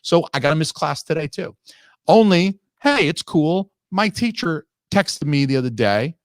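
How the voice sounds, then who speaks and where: A man's voice: a little high, lively intonation, normal speed, no room sound, clean studio sound. A man hosting a podcast, telling a long, profane, ranting story in casual chat. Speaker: podcast host.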